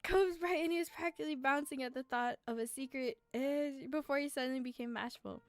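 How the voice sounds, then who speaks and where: Young female streamer, high voice, reads game text aloud, gets teary and swears casually. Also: fairly quick, no room sound, soft background music. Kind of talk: reading a romance game aloud while playing.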